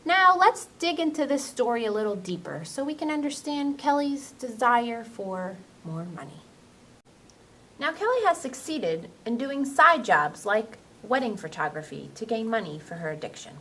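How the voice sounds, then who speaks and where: A woman playing a lively TV news anchor. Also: on the high side, normal speed, breathy edge, full character voice. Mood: newsy. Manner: lively, mock-serious newsreader delivery. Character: chirpy female TV news anchor. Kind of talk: home-video mock news skit.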